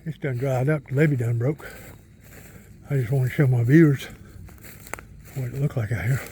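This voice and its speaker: A man's voice: medium pitch, steady tone, moderate pace, warm tone, a little hiss or hum. A middle-aged man, rambling in a folksy way while he walks outdoors and talks to his dog. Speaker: vlogger. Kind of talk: casual outdoor vlog. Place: outdoors in the countryside by a pond.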